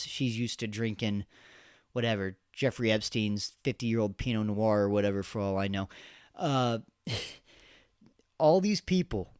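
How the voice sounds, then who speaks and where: A man's voice: mid-range voice, a little mellow, clean tone, no echo, studio quality. A man in his thirties hosting a podcast, giving rambling, sarcastic political commentary with laughs and restarts. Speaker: podcast host.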